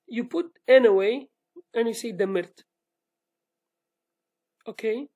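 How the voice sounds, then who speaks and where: A woman's voice: a little high, slow pace, pauses often, dark tone. A woman with a Kurdish accent and Kurdish as her first language, teaching a language lesson patiently step by step and often checking with "okay?". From Iraqi Kurdistan, Sulaymaniyah.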